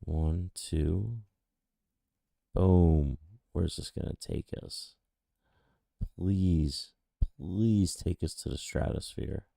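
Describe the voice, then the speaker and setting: A man with a low, heavily gravelly and very dark voice, talking over live crypto charts in an excitable, exclaiming way. He draws his words out slowly and keeps pleading with the price to climb. The sound is dry and close, with no room around it. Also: no echo.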